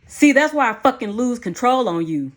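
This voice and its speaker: A woman's voice: lowish voice, normal speed, lightly acted. A woman voicing a volatile, manipulative ex-boyfriend. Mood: angry. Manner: defensive, swearing, pleading. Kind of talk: audiobook character voicing.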